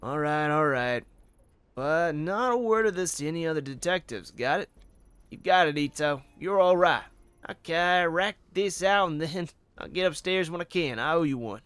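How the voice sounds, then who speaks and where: A man's voice: a little high, animated, normal speed, fairly bright tone, clear, resonant tone, dry recording, voice pushed up. A man voicing a friendly male police officer in a put-on American Southern drawl, chummy and folksy, reading game dialogue dry and close to the mic.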